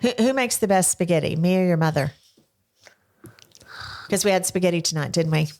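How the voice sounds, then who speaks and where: An older woman hosting a podcast, chatting with a child and coaxing him along with slow, gentle questions. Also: on the low side. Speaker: podcast host interviewing her grandson. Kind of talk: casual interview chat. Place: small home podcast studio.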